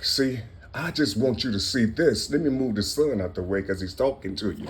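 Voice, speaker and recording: A man in his fifties delivering an impassioned, rambling monologue, swinging between loud bursts and low mutters and repeating himself. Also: lively intonation, fairly quick.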